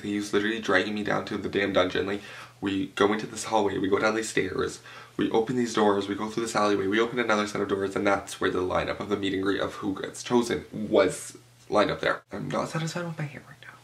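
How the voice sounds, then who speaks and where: A young man telling an animated, profane story at home, full of "like" fillers. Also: lowish voice, brisk, gravelly. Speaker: vlogger. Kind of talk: storytime vlog. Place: home room with a cloth backdrop.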